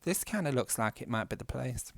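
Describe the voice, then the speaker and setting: A man's voice: medium pitch, lively intonation, brisk, creaky, fairly bright tone, no echo. A man with a Manchester accent chatting casually while playing a game at home, rambling, self-mocking and laughing often. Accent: Mancunian English. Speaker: gaming vlogger. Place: indoors at home.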